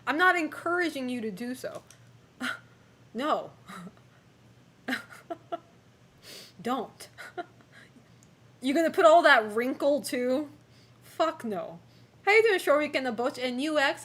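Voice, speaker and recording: A woman's voice: high voice, a bit bright. A woman streaming live, chatting casually with her viewers, giggling often and swearing now and then. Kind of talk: casual livestream chat.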